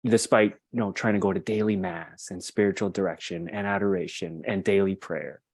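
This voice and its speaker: A man's voice: sits low, steady tone, a little fast, dry recording. A young adult man guesting on a podcast, earnestly telling a personal story and often restarting his sentences. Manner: earnest and reflective, with frequent restarts.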